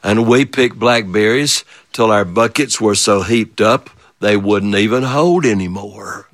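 A man storyteller telling a childhood story in an animated way, repeating phrases and turning to his listeners with playful questions. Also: fairly low pitch, unhurried, dry recording. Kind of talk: oral storytelling of a childhood memory.

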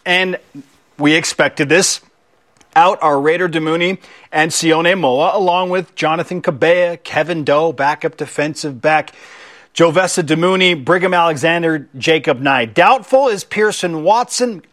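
A man hosting a sports radio show, upbeat and reading reports in a measured way. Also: on the high side, fairly bright tone.

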